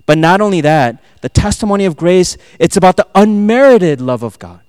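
A male pastor preaching a sermon, swinging between loud, emphatic passages and soft, hushed asides, quoting and acting out lines. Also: high voice, animated, brisk, smooth, dry recording, clean studio sound. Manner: quotes and acts out lines, laughs at himself.

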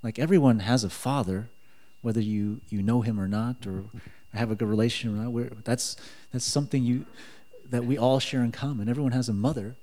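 A man preaching a sermon in a relaxed, conversational way, joking and chuckling as he talks. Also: mid-range voice, fairly quick.

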